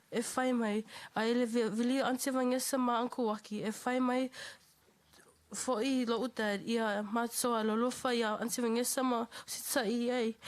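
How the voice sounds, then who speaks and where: A young woman giving a eulogy for her father at a family funeral service in a chapel. She is emotional and close to tears, and she stumbles over her words. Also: high voice. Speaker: eldest daughter giving a eulogy.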